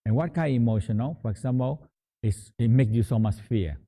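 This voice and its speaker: A man guiding a meditation practice in a halting, repetitive teaching manner, often restating words as he explains. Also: medium pitch, warm tone. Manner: halting, repeats words, slow explanatory phrasing. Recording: tinny phone-like sound.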